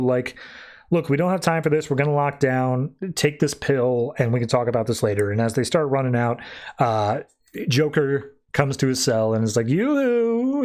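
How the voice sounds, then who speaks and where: A man at an ordinary middle pitch retells a comic book story on a podcast. His talk is casual and full of fillers. Now and then he jumps into short put-on voices for the characters he quotes. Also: darkish tone. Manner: filler-heavy, lots of "like" and "uh". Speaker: podcast co-host.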